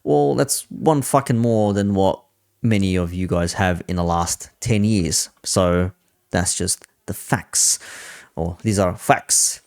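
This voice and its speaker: A man's voice: sits low, a little mellow, no room sound, clean studio sound. A man on a football panel, speaking as a Liverpool fan in a blunt, sweary, ranting debate.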